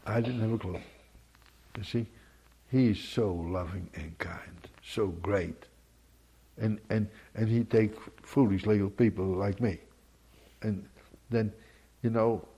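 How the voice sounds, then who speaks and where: Man, preacher, husky voice, sermon, quiet musing broken by loud emphatic outbursts. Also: on the low side.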